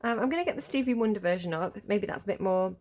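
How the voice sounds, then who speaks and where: A woman's voice: mid-range voice, expressive, fast talker, darkish tone. A woman giving a casual tarot reading in a chatty, rambling way, often hesitating with fillers. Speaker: tarot reader.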